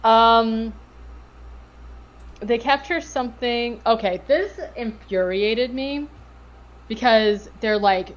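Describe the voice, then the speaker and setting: A woman co-hosting a podcast, recapping a show in casual chat with profane, sarcastic, animated retelling. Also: a little high, slow, long pauses, highs cut off. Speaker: podcast co-host.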